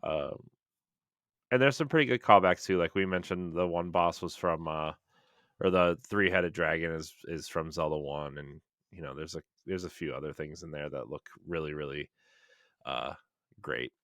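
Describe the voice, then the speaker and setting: A man co-hosting a casual podcast, rambling with excitement and repeating himself. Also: rumbling low, moderate pace, no room sound, clean studio sound. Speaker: podcast co-host.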